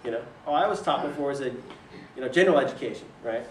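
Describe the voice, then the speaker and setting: Speaking fast at medium pitch, a young man animatedly relates his business story, laughing a lot and quoting people in character voices. The distant mic adds roomy echo, along with slight background noise.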